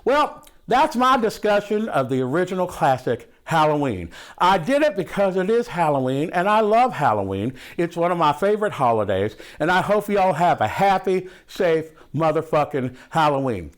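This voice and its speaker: A man's voice: a little high, very animated, moderate pace, hardly any pauses. A man playing a brash, foul-mouthed movie buff in a comic monologue, rambling and loose, full of swearing and "ain't". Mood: excited. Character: brash foul-mouthed man gushing about horror films.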